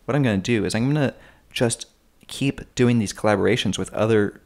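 A young man from North Carolina co-hosting a casual podcast, telling things in a relaxed, animated way with quick asides. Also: lowish voice. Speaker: podcast co-host. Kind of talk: casual conversational podcast chat.

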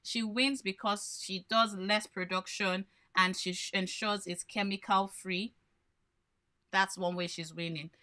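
A woman's voice: medium pitch, bright, forceful tone. A woman coaching small business owners in a live workshop, explaining by posing questions and then answering them. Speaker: branding coach.

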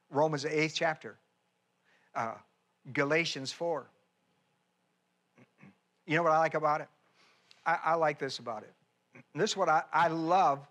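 A man's voice: fairly high pitch, a little slow, long pauses, a bit bright. A man preaching a sermon as pastor, folksy and emphatic, with chatty asides and repeated phrases. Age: older.

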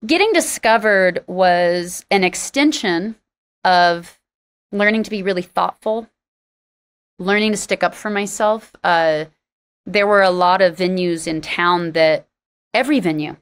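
Speaking a little slowly in a clean tone, a woman singer-songwriter candidly recounts her story in a relaxed interview. She's somewhat sarcastic and performs quoted lines with big pitch leaps.

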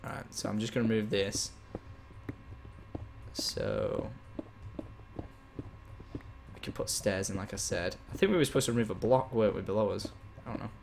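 Excitable man explaining gameplay. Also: on the low side, moderate pace, vocal fry, long pauses, slight background noise. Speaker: gaming host. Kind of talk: casual chat while gaming.

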